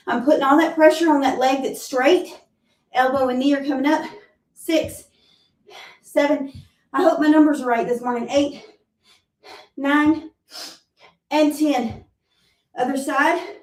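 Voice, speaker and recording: A high-voiced woman coaches a workout class at an unhurried pace, counting out each rep and reassuring her listeners. She is audibly out of breath. The sound is roomy, with the mic some distance away. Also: fairly even intonation, darkish tone. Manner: counts reps aloud, encouraging and reassuring. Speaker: fitness instructor. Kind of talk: live workout class instruction.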